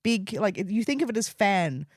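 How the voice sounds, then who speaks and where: A woman co-hosts a relaxed podcast chat, talking at a middle pitch in a measured, thoughtful way. Her voice sits dry and close to the mic. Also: no echo. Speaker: podcast co-host. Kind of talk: casual chat.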